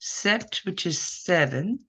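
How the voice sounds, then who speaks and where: A woman teaching a small online French class, explaining slowly and patiently while mixing French and English. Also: on the low side, lively intonation, pushed and bright, slightly rough.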